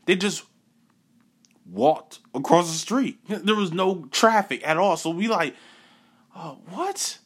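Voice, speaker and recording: A young man telling a personal story in a casual, animated way, repeating phrases for effect and acting out what people said. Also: high-pitched, measured pace.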